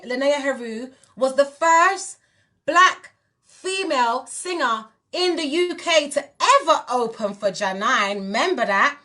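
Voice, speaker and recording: A woman's voice: sits high, bright, forceful tone. A woman in her forties from England, speaking in a British accent that slips into Jamaican patois, ranting emphatically and confrontationally on a livestream. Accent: British English mixed with Jamaican patois. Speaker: musician and spiritual wellness figure. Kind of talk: livestream rant.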